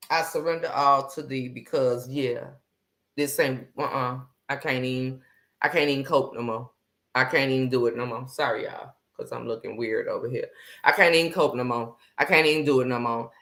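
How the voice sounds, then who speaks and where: A woman's voice: very deep voice, normal speed, a bit bright. A woman hosting a faith livestream, talking candidly and bluntly with slang, greeting viewers as she goes. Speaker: livestream host.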